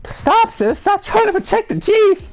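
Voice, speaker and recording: A man's voice: extremely high pitch, sing-song, measured pace, slight background noise, pitched above the performer's own voice, heavily acted. A man voicing an anxious teenage girl begging her sister in a game read-through. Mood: pleading.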